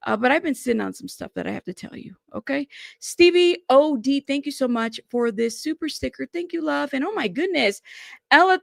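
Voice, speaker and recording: A woman hosts a casual live stream, talking straight to her chat in a fairly high, gravelly voice. She rambles warmly, apologizes, and keeps thanking viewers. The sound is dry and close, with no room echo. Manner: chatty and apologetic, often thanking chat and saying "y'all".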